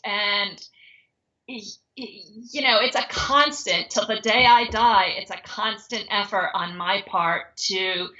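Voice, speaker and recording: A woman's voice: medium pitch, pushed and bright, dull audio. A woman guest in a casual conversation, speaking earnestly and reflectively, often restarting her sentences.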